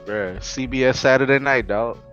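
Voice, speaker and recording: A man with a New Orleans accent chatting as a guest on a casual podcast, animated and quick with asides. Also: mid-range voice, highs cut off, over music. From Louisiana. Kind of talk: casual chat.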